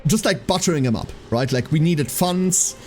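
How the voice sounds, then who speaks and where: A man chats casually with his stream viewers, his fairly high voice swinging up and down as he tells the story. He swears freely and acts out the people he quotes. Faint music plays behind him. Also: lively intonation, normal speed, a little mellow.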